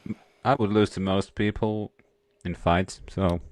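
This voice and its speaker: A man co-hosting a comedy podcast, laid-back, giving short replies and deadpan asides. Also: low-pitched, unhurried, no room sound. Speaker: podcast co-host. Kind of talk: casual comedy podcast chat.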